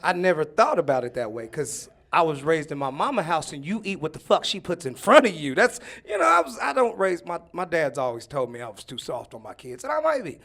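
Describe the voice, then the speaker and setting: Male stand-up with a Dayton accent, animated pitch, raunchy storyteller, club stage. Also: brisk, vocal fry, hardly any pauses. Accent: Dayton, Ohio. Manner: profane, storytelling, builds to shouting punchlines. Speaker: stand-up comedian. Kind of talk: stand-up set.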